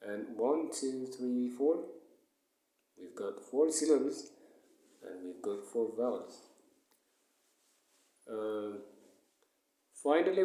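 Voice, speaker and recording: A male English teacher giving a recorded lesson, who explains slowly, repeats words and counts syllables aloud. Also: on the low side, mellow. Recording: echoey room.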